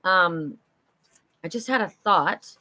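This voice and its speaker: A woman's voice: on the low side, slow pace, bright, forceful tone. A middle-aged woman leads a live oracle reading. She talks in a chatty, upbeat way, cheering on her viewers. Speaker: oracle card reader and psychic host.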